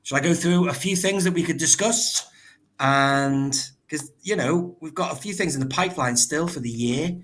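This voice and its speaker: A man's voice: fairly high pitch, moderate pace, a bit bright. A man hosting a casual livestream, talking into a laptop microphone in a chatty, rambling way and laughing often. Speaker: livestream host.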